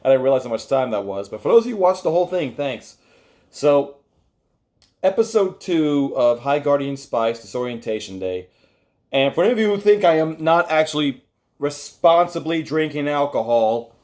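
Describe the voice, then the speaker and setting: A man's voice: fairly high pitch, sing-song, moderate pace, a little mellow. A man hosting an online review, talking casually and sarcastically straight to his viewers with a critical edge. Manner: wry, critical, talks to viewers directly.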